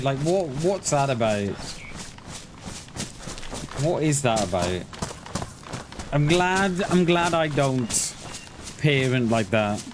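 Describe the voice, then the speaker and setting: A man's voice: medium pitch, sing-song, slow, pauses often. A man chatting casually and swearing freely as he live-streams a survival game, a parent of a school-age son. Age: adult parent of a schoolchild. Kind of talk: casual live-stream chat while gaming. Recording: clear background noise.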